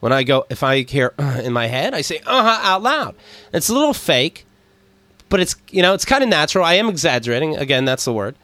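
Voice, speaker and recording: Blunt, animated man hosting casual chat. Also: fairly high pitch, a little fast, dry recording. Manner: blunt, joking, puts on voices when quoting. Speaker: podcast co-host. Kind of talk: casual crude comedic chat.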